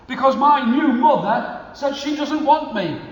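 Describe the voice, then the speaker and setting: A man voicing a plucky young girl, high and earnest. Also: animated, measured pace, highs cut off. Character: kind, plucky young girl sent from home. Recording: echoey hall, faint room noise.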